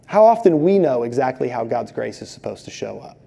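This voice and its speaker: A man preaching a sermon, telling stories with animated, acted-out quotes. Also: medium pitch, a little fast, vocal fry, breathy edge. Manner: animated storytelling, acts out voices in quotes. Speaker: pastor.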